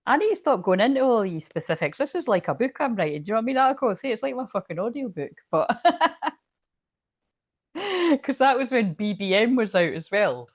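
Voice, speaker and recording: A woman's voice: fairly high pitch, very animated, brisk, no echo. A woman doing casual live-stream chat as a spiritual reader, telling a rambling story full of swearing.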